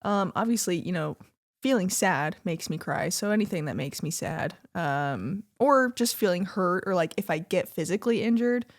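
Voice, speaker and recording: A young woman co-hosting a casual couples podcast, chatty and quick to laugh as she tells stories. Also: on the low side. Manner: chatty storyteller, animated, laughs often. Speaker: podcast co-host. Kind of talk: casual chat.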